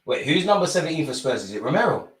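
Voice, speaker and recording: A man reacting live to a football match, talking at players and the referee, swinging from low mutters to excited shouts. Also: fast talker, slightly rough. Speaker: football fan streamer.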